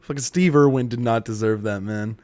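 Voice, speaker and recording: A man's voice: mid-range voice, a little fast, darkish tone, no room sound. A man co-hosting a podcast, ranting with lots of swearing in casual chat. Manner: profane, ranting. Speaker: podcast co-host.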